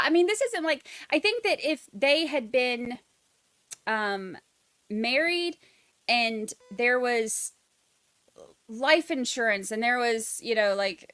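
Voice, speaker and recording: A young woman with a Southern US accent hosts a casual livestream, chatting loosely and reading viewer comments aloud. Her voice is fairly high and sharp, with no echo.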